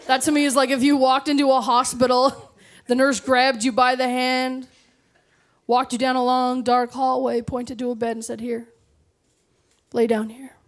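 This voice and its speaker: A woman from Canada performing a stand-up comedy set on stage, with animated, mock-indignant storytelling. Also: sits high, moderate pace. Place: comedy club stage with audience laughter.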